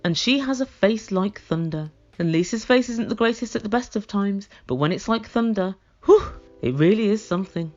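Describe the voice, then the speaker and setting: A woman's voice: medium pitch, expressive, moderate pace, few pauses, a little mellow, highs cut off, faint music behind. A woman giving a comedic recap of a reality show in a blunt, sarcastic, mocking way. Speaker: reality TV reviewer.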